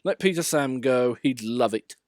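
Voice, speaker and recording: A man's voice: mid-range voice, moderate pace, dry recording, studio quality, lightly acted. A man voicing a grumpy, proud young male tank engine who talks in a sulky, haughty, complaining way.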